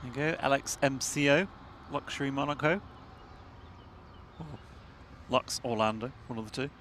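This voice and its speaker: A bantering man co-hosts a live outdoor stream, trading jokes and thanking viewers. His voice is bright and forceful at a middle pitch. Faint outdoor noise hums behind him. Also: moderate pace. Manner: jokey, banters and laughs. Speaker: livestream co-host. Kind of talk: casual live commentary. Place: outdoors by an airport runway.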